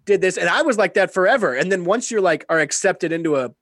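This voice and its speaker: A man's voice: high-pitched, animated, a bit bright, dry recording, studio quality. A man, a comedian chatting casually, rambling and swearing. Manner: rapid, rambling, profane. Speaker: stand-up comedian. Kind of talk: casual podcast chat.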